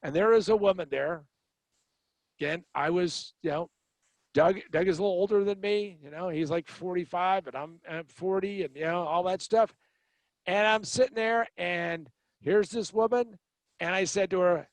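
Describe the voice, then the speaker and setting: A middle-aged podcast host tells a story with animated, sardonic timing. His voice sits high and has a gravelly edge. The recording is dry and close, with no room sound. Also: normal speed, dry recording. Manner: animated storyteller, wry and sarcastic. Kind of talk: storytelling anecdote.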